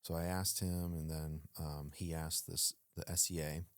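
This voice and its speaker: Recorded at studio quality without echo, this former Navy SEAL has a bass voice and talks at normal speed as an interview guest. Recounting a story in a relaxed, animated way, he performs the quoted dialogue and fills his speech with plenty of fillers.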